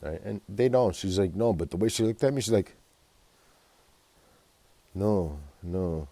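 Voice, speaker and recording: Low, dark-voiced man ranting. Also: animated, fast talker, gravelly, breathy edge, no echo. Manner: profane, agitated storytelling with frequent fillers. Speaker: vlogger. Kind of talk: rambling personal monologue.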